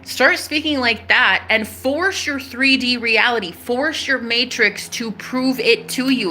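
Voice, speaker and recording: Woman vlogger, bright and forceful tone, excitable, emphatic, sweary, casual monologue to camera. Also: on the high side, measured pace, few pauses, a little hiss or hum. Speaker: spiritual vlogger.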